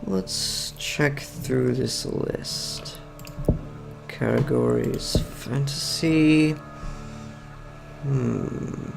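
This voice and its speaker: A man's voice: medium pitch, expressive, extremely slow, vocal fry, pauses often, music in the background. A young man hosting casual gaming commentary, rambling and jokey, often cutting himself off mid-sentence. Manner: rambling, self-interrupting, jokey. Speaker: gaming video host.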